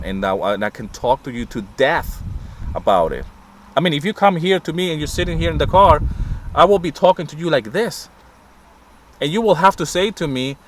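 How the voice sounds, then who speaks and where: A middle-aged man talks in a passionate, rambling way, getting fired up as he goes. He is sitting in a parked car, with faint traffic noise outside. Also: medium pitch. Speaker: vlogger. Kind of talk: casual vlog monologue.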